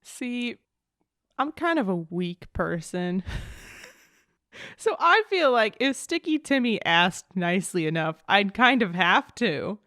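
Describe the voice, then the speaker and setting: A woman's voice: medium pitch, sing-song, slow pace, a bit bright, dry recording, studio quality. A young woman co-hosting a podcast in casual chat, playful and giggly, often acting out silly scenes. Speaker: podcast co-host.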